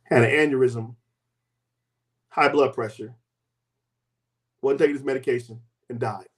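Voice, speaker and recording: A man in his fifties, a guest giving a lively personal testimony and acting out the people in it. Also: medium pitch, measured pace. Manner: animated storytelling, acts out quoted voices.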